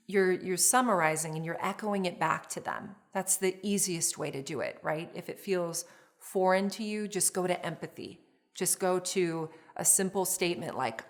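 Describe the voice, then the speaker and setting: A woman therapist teaching a course on relationships, speaking in a calm, measured, explanatory way with frequent small restarts. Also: on the low side. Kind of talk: instructional talk to camera.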